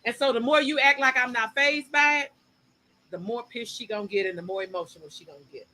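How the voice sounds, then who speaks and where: A woman co-host holds forth in casual chat. Her voice is bright and forceful, and she talks in an animated, opinionated way, rushing ahead when she presses a point. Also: fairly high pitch, rough recording. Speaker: podcast co-host.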